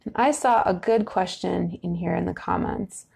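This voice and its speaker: A woman's voice: lowish voice, normal speed, vocal fry, a little mellow, breathy edge. A woman education director giving a casual online talk about birds, answering viewer comments with many filler words.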